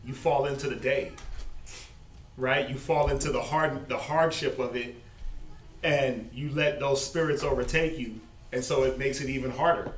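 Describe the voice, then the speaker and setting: A man teaching a Bible study in a loose, slangy, animated way, laughing often. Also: medium pitch, moderate pace. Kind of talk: informal preaching. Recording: echoey, distant, faint noise.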